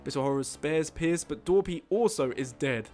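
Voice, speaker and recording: A man hosting a live stream, reading out game events in casual commentary, excitable and swearing freely while joking with his chat. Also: a little high, moderate pace, soft background music. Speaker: streamer host.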